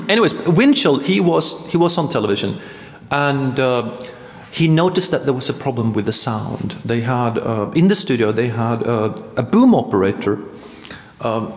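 A man giving a live lecture-performance, rambling and halting with wry asides. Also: medium pitch. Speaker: performance artist. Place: art museum hall. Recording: echoey hall with long reverb.

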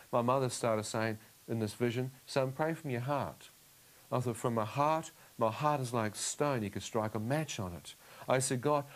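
A man giving a testimony in casual conversational storytelling, reliving the scene and acting out his own inner prayers with frequent "you know what I mean" asides. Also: medium pitch.

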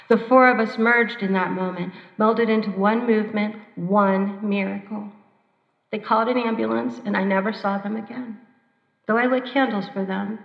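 Woman telling a story in an echoing hall. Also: medium pitch. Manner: measured, reflective, dramatic pauses. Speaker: open mic storyteller. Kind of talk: spoken-word personal storytelling. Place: church hall. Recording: roomy, dull church hall recording.

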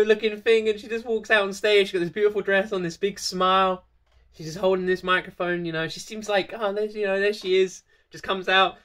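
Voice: medium pitch, a bit bright. Gushing, repetitive reaction vlogger. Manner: effusive, repeats phrases over and over, laughs often. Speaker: music reaction video host. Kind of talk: casual reaction vlog talk to camera.

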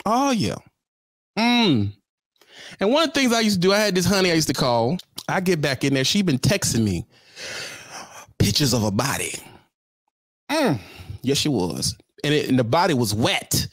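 Middle-aged male trucker, storytime vlog; high-ish, very animated delivery, slangy, chatty, dry close sound. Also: moderate pace, long pauses, no echo. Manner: animated, slangy, chatty, talks straight to viewers. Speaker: truck driver telling a story.

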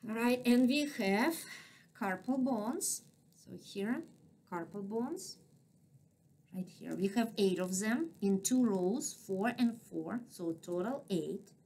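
Slow-paced accented anatomy instructor. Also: female voice, medium pitch, lively intonation, darkish tone, husky. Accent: non-native English. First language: not English. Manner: patient, checks in with frequent "right?". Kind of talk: classroom lecture.

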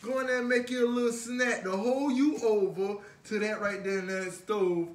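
A man with a high-pitched, steady voice co-hosts a couple's cooking show from a home kitchen, speaking at normal speed in a reverberant space. He jokes and teases his partner through a playful demonstration, breaking into loud bursts of laughter.

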